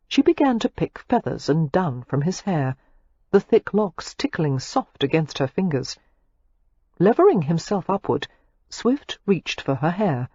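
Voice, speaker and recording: Brief: low, husky female audiobook narrator, animated delivery, dull dry sound. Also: dry recording. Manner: expressive, measured storytelling. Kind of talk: scripted romance narration.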